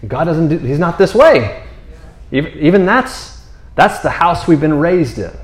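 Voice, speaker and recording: A man's voice: on the high side, big pitch swings, a little slow. A man teaching from the Bible in an earnest, rambling conversational sermon, repeating words and often checking in with his listeners. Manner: earnest, rambling, repeats words, often asks "you know what I mean?". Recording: roomy echo.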